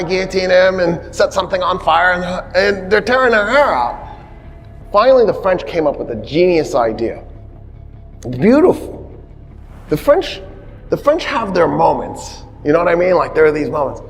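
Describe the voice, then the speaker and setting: A man giving a history lecture, telling it as a lively story with humorous asides and acted-out quotes. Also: high-pitched, moderate pace, big-room sound, slight background noise. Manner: animated storytelling, acting out quotes with shouts.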